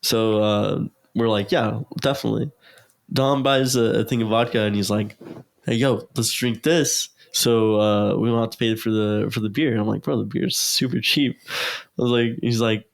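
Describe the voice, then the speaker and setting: A man's voice: on the low side, fairly even intonation, moderate pace, creaky. A young man in casual podcast talk, telling a long story full of fillers and acted-out quotes. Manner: rambling, filler-heavy, acts out quotes. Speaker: guest.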